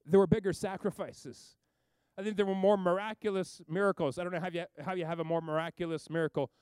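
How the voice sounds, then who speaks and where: Guy preaching, tells the story all animated, does little voices for people, smooth clear voice, dry sound. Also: high voice, fast talker, no echo. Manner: animated storytelling, acts out characters, rambling asides. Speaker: pastor. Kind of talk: sermon.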